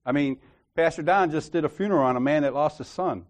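A man's voice: fairly high pitch, fast. A man leading a church group, talking casually and telling a story in a laughing, slangy way. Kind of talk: casual storytelling and Bible discussion.

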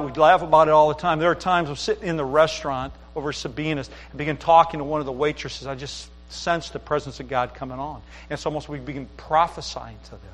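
Middle-aged man, pastor, folksy sermon, a touch high-pitched, hall reverb. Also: fairly bright tone. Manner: folksy storytelling with asides. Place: church sanctuary.

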